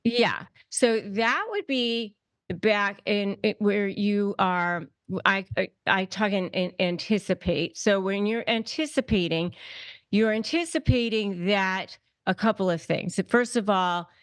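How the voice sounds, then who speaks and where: A woman's voice: mid-range voice, measured pace, clean tone, dry recording, clean studio sound. A woman attorney giving advice as a podcast guest, speaking emphatically, repeating key phrases and restarting often. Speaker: guest, attorney and negotiation expert.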